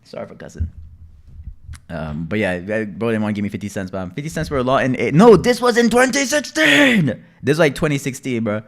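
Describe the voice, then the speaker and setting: A young man livestreaming casually, telling stories with heavy swearing, loud outbursts and reading out chat messages. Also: on the low side, quick pace.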